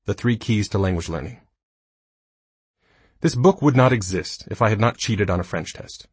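A man in his thirties reading his own nonfiction book aloud, with dry, self-mocking humor and a slightly husky voice. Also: lowish voice, expressive, moderate pace, darkish tone, no echo. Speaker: audiobook narrator. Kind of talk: scripted nonfiction narration.

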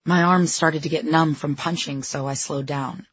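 A woman's voice: sits low, steady tone, moderate pace, slightly rough, dry recording, lo-fi sound. A woman narrating her own memoir as an audiobook, candid and self-deprecating.

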